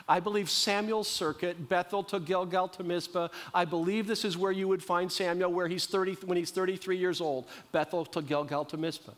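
A middle-aged man preaching a sermon, telling a Bible story with acted-out lines and slowing down for emphasis. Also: high-pitched, a bit bright. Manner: storytelling, acts out characters' lines, slows for emphasis.

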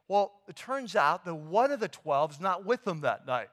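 A pastor retelling a scripture story in a sermon, animated and casual with slang and fillers. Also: male voice, sits high, a little fast, hardly any pauses. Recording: long hall reverb.

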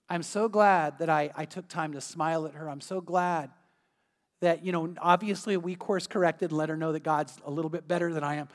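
Male pastor, high voice, animated storyteller, church hall reverb. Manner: storytelling, lively and emphatic. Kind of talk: sermon. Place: church sanctuary.

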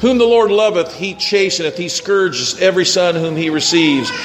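A man's voice: high voice, moderate pace, echoey room, slight background noise. A male pastor preaching a sermon, reading scripture and acting out what people might say.

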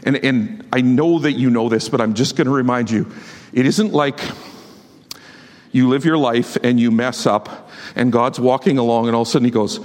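A man preaching a sermon as a pastor, emphatic and exhorting his congregation with quick asides. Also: medium pitch, steady tone, a little mellow. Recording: long hall reverb.

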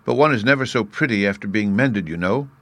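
A man's voice: on the low side, a little fast, a bit bright, dry recording. A man voicing a frightened, prim young china princess in a storybook reading, his voice raised well above his own. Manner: fearful, then prim and scolding.

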